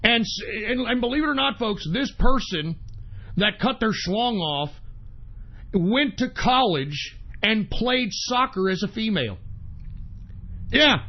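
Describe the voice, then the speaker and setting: A man's voice: sits high, expressive, measured pace, lo-fi sound. A man hosting a talk radio show, delivering an angry, profane political rant.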